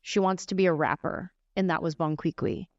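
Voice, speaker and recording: A woman comedian in her forties tells stories on a podcast, lively and demonstrative, slipping into brief voices to show what she means. The recording is dry and a little muffled, with a slightly lo-fi sound. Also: lowish voice, fairly quick, dry recording. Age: 40s. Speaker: guest comedian. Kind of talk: casual storytelling in a podcast interview.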